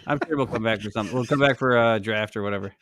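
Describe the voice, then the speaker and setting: A man's voice: on the low side, rapid-fire, fairly bright tone, no room sound. Griping jokey man, dry sound. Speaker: podcast co-host. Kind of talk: casual sports chat.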